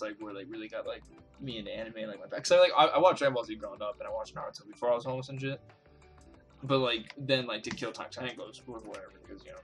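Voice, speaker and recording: A young man, hosting a gameplay recording and chatting in a rambling way, full of swearing and fillers. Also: on the low side. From New Jersey. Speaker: host, game player. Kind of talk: casual chat over a gameplay recording.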